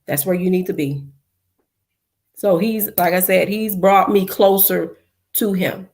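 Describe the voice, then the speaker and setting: A woman's voice: lowish voice, darkish tone. A mother speaking on a grief panel, giving an earnest, faith-filled personal testimony. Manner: slow, earnest, faith-filled, quoting scripture.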